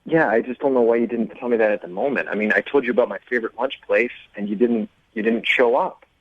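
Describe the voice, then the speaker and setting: A man's voice: medium pitch, fast, no echo. A man on the phone with a radio show, earnest and defensive. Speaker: caller on the line. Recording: muffled phone line.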